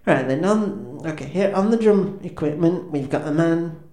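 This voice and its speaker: A man's voice: fairly high pitch, lively intonation, moderate pace, warm tone, slight background noise. A man doing awkward, self-deprecating stand-up patter as a band's frontman, hesitating with lots of ums and restarts. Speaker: comedic frontman of a band. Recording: echoey room with faint ambience.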